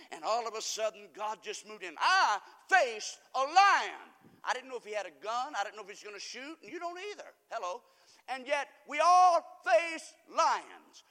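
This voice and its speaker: A man pastor preaching a sermon. He breaks into sudden shouts and calls on the congregation to answer. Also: sits high, in a large hall.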